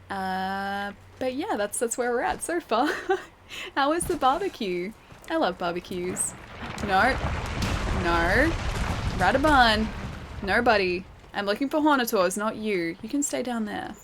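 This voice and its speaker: A young woman chatting casually while live-streaming a game and reading chat. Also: a little high. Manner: chatty, giggly, reads chat aloud.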